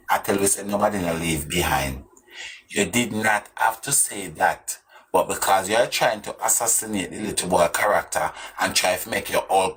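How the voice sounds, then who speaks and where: A man's voice: deep voice, fairly bright tone, slight background noise. Jamaican guy ranting about an interview clip, mocking, lots of rhetorical questions. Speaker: commentator reacting to an interview clip. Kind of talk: casual commentary.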